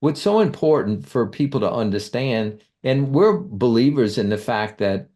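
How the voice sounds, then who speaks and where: A man in a casual interview, explaining his ideas in a calm, measured, teacherly way. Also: medium pitch.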